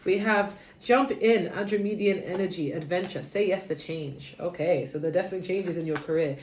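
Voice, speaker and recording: A woman reads tarot cards in a relaxed, chatty way, sounding tired from too little sleep. Her voice sits on the low side and drifts between quiet murmurs and sudden perky bursts. The room is echoey, with a faint background ambience. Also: a little fast, slight background noise. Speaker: tarot reader. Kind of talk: casual tarot reading.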